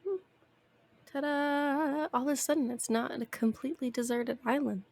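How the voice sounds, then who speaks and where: A woman's voice: sits high, fairly even intonation, normal speed, a little mellow. A young woman streaming a video game, chatting casually in a rambling way and laughing often.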